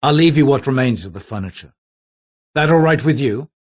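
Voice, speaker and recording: A man's voice: medium pitch, animated, fairly quick, no echo, pitched above the performer's own voice, natural voice. A male narrator playing a terse, cool-headed man who speaks in short, clipped lines. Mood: curt. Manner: curt, clipped.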